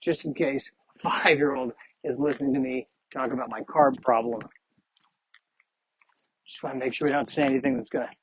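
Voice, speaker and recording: A man's voice: mid-range voice, fairly even intonation, brisk, long pauses, husky. A man hosting a solo podcast while walking outdoors, talking in meandering, self-deprecating musings. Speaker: podcast host. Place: outdoors on a street. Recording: muffled lo-fi outdoor recording.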